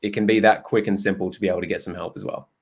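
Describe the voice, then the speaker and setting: A man's voice: sits low, steady tone, very fast, slightly rough. A young man hosting a podcast in a casual, jokey way, swearing freely and laughing often. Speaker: podcast host and nutrition coach. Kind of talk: casual chat.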